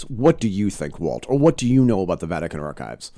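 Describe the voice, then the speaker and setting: A deep-voiced man with a mellow, dark tone co-hosting a podcast. He talks in a chatty way with plenty of fillers, recorded on a close, dry mic with faint music underneath. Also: big pitch swings, fairly quick, few pauses, no echo. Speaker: podcast co-host. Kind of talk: casual podcast chat.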